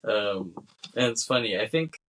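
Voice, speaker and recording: A man's voice: fairly low pitch, expressive, moderate pace, a bit bright, poor audio. A man co-hosting a podcast, casually recapping a film scene by scene, acting out the characters' lines and laughing between them. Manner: rambling recap with acted-out quotes and laughs. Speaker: podcast co-host.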